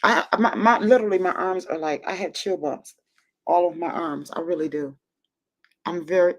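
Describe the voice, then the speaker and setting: A woman's voice: lowish voice, moderate pace, long pauses. Gushing, stammering woman livestream host. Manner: emotional, gushing, stammers and repeats herself. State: moved to near tears. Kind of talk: casual livestream chat.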